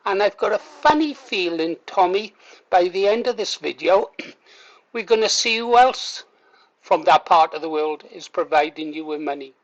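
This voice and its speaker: A man's voice: high voice, animated, normal speed, dull audio. A man hosting a reaction video, mocking and heckling a played clip with sarcastic asides. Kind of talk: commentary over a played clip.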